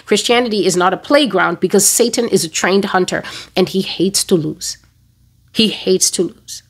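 A woman giving a dramatic personal testimony that turns into preaching. She talks emphatically, repeats words and phrases for effect, and slows down to stress key words. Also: medium pitch, husky. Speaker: Christian testimony speaker.

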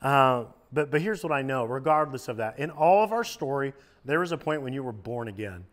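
A man who is a youth minister, giving a casual sermon in a lively, joking conversational way. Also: medium pitch, a little fast. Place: church youth service.

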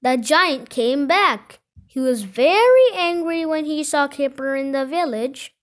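A woman with a high, lively voice reads a children's picture book aloud. She takes her time, lifting and dropping her pitch to keep young listeners hooked. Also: measured pace. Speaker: storyteller. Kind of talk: reading a children's storybook aloud.

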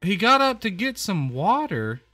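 A man talking through a horror game in a loose, chatty way, his pitch jumping up and down as he reacts. His voice is bright and forward, and he exclaims and repeats himself a lot. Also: sing-song, unhurried. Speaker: gamer playing a horror game. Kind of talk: casual let's-play commentary.

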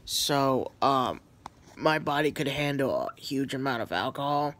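A man's voice: mid-range voice, animated, a little slow, fairly bright tone. A sleepy man lying on a couch at home, rambling in a casual vlog with lots of fillers and apologies. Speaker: vlogger.

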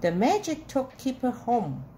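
A woman reading a children's storybook aloud in a slow, clearly enunciated, sing-song way. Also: fairly high pitch, sing-song, dark tone, slight background noise.

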